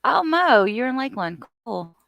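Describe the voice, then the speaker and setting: A woman's voice: fairly high pitch, very animated, moderate pace, gravelly, a bit bright, no room sound. A woman hosting a casual livestream, chatting and greeting viewers by name as she reads their comments. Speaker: livestream host.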